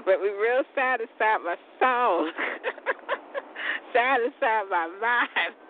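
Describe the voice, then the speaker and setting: Over a tinny phone line with faint outdoor noise behind her, a woman hosting an internet radio show rambles slowly from a balcony. Her voice sits on the high side, and she's casual, profane, and quick to laugh.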